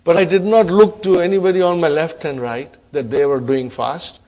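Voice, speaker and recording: A man teaching an online Arabic grammar class, encouraging his students and often checking in with a quick "huh?". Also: fairly high pitch, steady tone, darkish tone. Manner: addresses students as brothers and sisters.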